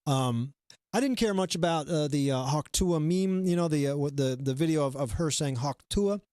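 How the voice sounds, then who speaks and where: A man's voice: on the high side, moderate pace, darkish tone, dry recording, clean studio sound. A man hosting a comedy live stream, chatting casually and rambling with lots of fillers and restarts. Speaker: comedy show host.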